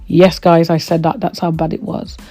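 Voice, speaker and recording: A woman's voice: sits low, level tone, normal speed, warm tone, faint music behind. A woman from Trinidad, hosting a podcast and telling her own story in a candid, emphatic way. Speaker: podcast host and reverend.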